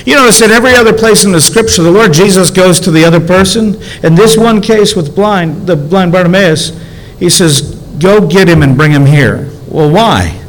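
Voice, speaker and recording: A man's voice: sits high, normal speed, rough recording. A man preaching a conversational sermon as a pastor, asking rhetorical questions and drawing out key words.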